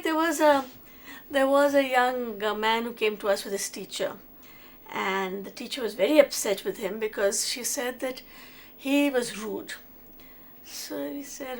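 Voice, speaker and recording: A woman's voice: high-pitched, a little hiss or hum. A middle-aged woman, giving a conversational lecture. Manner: conversational, with restarts and examples. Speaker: lecturer on autism.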